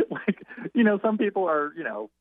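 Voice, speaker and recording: A man guest tells a long anecdote by phone, rambling and halting, restarting his sentences often. The line is thin and tinny. The sound is completely dry. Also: sits high, sing-song, dry recording. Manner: halting, self-correcting. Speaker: interview guest, writer. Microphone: telephone.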